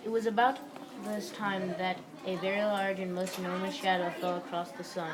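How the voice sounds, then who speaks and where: A woman's voice: medium pitch, flat delivery, moderate pace. A woman reading a story aloud as one of several narrators, plain with small stumbles. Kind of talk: group read-aloud narration. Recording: clear background noise.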